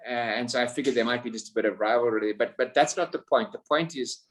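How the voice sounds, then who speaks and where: A man chatting casually about wine online, measured and hesitant, with many fillers and repeated words. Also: medium pitch, a little hiss or hum.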